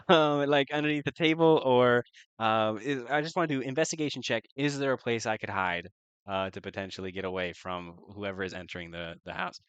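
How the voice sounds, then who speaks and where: A man's voice: mid-range voice, fairly quick, fairly bright tone, clear, resonant tone, no room sound, lo-fi sound. A man playing in a casual tabletop role-playing session, playful and hesitant, with many fillers. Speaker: player.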